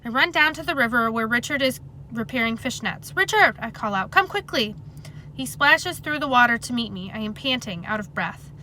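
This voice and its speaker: A woman reading a novel aloud in a plain, steady, conversational way. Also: fairly high pitch, a little fast, slight background noise, rough recording. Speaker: reader.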